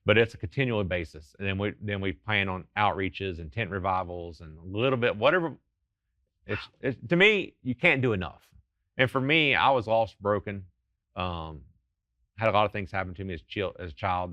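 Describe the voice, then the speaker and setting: A man's voice: deep voice, fairly bright tone, dry recording, muffled recording. A man telling faith stories as a guest in a TV interview, fervent and earnest. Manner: fervent storytelling, quick and earnest. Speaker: ministry founder and guest. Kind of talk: testimony in a TV interview.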